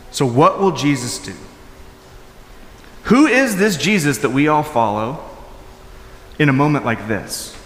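A male pastor giving a conversational sermon. He talks informally with fillers and restarts, and swings from loud, high emphasis to soft, low asides. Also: slight background noise. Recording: echoey hall with long reverb.

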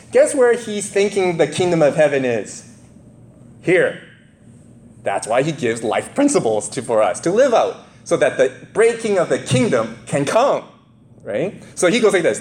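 A man preaching a sermon, telling a parable with lively asides and acted-out voices. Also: on the high side, normal speed, a little hiss or hum. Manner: animated, lively storytelling with asides and laughs.

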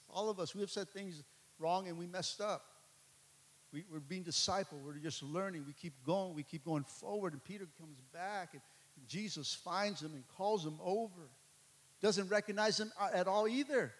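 Passionate preacher man in a reverberant hall. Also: high-pitched. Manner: passionate, repeats phrases, builds to loud climaxes. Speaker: pastor. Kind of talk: sermon. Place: church hall. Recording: long reverb of a large hall.

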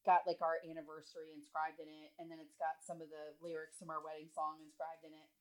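A woman's voice: low-pitched, monotone, quick pace, poor audio. Chatty, foul-mouthed young woman. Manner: chatty, swears freely, laughs while telling stories. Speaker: podcast co-host. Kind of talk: casual chat.

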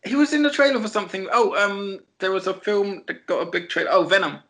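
A man's voice: high-pitched, fast, bright, forceful tone. A man co-hosting a podcast, playful and giggly in casual chat. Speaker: podcast co-host.

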